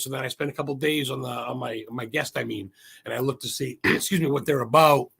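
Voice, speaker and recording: A man from Maine, a podcast guest, talking in a rambling, excitable way and swearing freely. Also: medium pitch, fast, gravelly, slightly rough. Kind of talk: casual interview chat.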